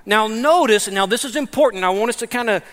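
A man with a high voice preaches an emphatic sermon, swinging between hushed asides and loud declarations. He talks casually, calling listeners "man". His voice rings out with a long reverb, as in a big hall. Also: quick pace. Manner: informal, says "man". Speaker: pastor.

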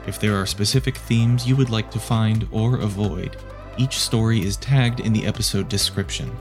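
A man narrating and producing an audio story in a measured, low-key, hushed reading. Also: over music.

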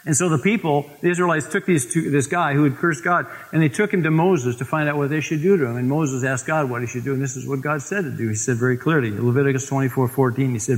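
Pastor preaching in a reverberant hall. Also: male voice, fairly high pitch. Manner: storytelling, slows for emphasis on scripture. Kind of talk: sermon. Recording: long reverb of a church hall.

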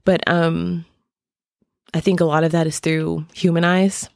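A middle-aged woman hosting a podcast, speaking haltingly with many fillers and restarts as she searches for words. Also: fairly low pitch, flat delivery, vocal fry, darkish tone, no room sound, studio quality. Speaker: podcast host. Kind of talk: personal podcast talk.

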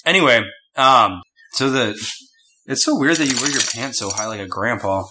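A man's voice: medium pitch, animated, normal speed, noisy background. A young man co-hosting a podcast, chatting in a rambling, teasing way. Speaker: podcast co-host. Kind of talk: casual chat.

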